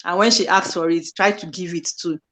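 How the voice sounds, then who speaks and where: A man's voice: high voice, fairly even intonation, fairly quick, a bit bright, slight background noise. A man co-hosting a relationship advice talk, playfully scolding husbands and using folksy sayings. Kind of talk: casual advice chat.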